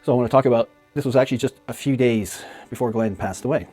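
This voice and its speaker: Fast-talking man telling fond stories. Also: medium pitch, mellow, slightly rough, faint music behind. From Canada. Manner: fond, chatty storytelling with frequent laughs. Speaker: magician paying tribute to a late friend. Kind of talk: casual spoken memorial tribute.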